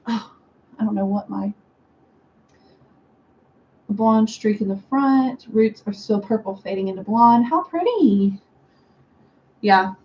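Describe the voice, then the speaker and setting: A woman chatting casually through a hair styling tutorial at home, sarcastic and quick to laugh. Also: medium pitch, steady tone, a little mellow, muffled recording. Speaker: beauty vlogger. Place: home room with a fan.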